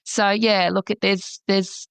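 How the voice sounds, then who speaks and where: A middle-aged woman, a counsellor and business founder, chatting as a podcast guest in an animated way and acting out her own past thoughts. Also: medium pitch, takes it slowly, gravelly, clean tone, no room sound. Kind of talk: casual interview chat.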